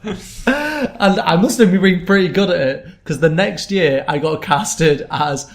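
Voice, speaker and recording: A man's voice: high voice, slow pace, gravelly. A young man, co-hosting a casual podcast chat, telling childhood stories and often laughing at his own jokes. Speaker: podcast co-host.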